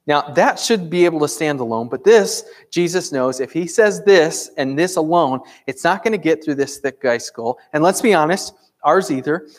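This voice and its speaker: A man's voice: a little high, animated, moderate pace, hardly any pauses. A man in his thirties, a pastor preaching a conversational sermon in a church, earnest and full of rhetorical questions. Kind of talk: sermon with prayer.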